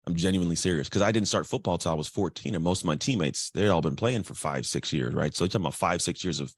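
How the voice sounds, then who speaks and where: Low voiced guy talking real fast, super energetic, does little voices for people, dry sound. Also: dry recording. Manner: energetic, acts out other voices, chatty slang. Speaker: guest. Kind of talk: candid storytelling.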